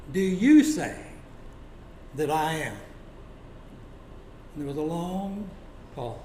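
High-voiced preacher in an echoey room. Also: male voice. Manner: dramatic, slows down and drops to a hush for quoted lines. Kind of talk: sermon storytelling. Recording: echoey room with faint noise.

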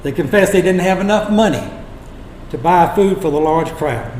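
A man preaching a sermon, retelling scripture as dramatic storytelling with long pauses. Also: high-pitched, animated, a little mellow, slight background noise. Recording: echoey room.

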